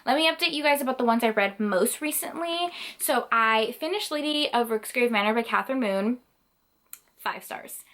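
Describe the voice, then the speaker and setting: Young woman vlogging about books, bright voice a bit high, rambly and chatty, lots of "like". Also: animated, moderate pace. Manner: rambling, filler-heavy, 'like' often; emotional, near tears at times. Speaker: book vlogger. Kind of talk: casual vlog chat.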